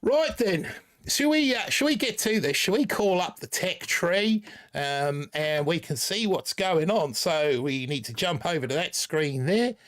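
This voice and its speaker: A man's voice: fairly high pitch, lively intonation, a little slow, a bit bright. A man in his forties with a put-on Australian accent, chatting casually as host of a live stream and reading out viewer comments. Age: 40s. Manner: chatty, rambling, reads viewer comments aloud.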